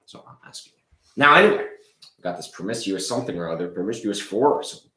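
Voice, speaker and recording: A man's voice: on the low side, expressive, fast, pushed and bright, roomy sound, low-quality recording. A man voicing Rockin' Ricky, a brash male rock keyboardist showman, boastful and hyped, in improv comedy. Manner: boastful, hyped, sound-effect heavy.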